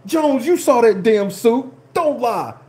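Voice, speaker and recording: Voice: mid-range voice, animated, slow pace, darkish tone. A livestream host telling a story in a profane, laughing, indignant way. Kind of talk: animated casual storytelling.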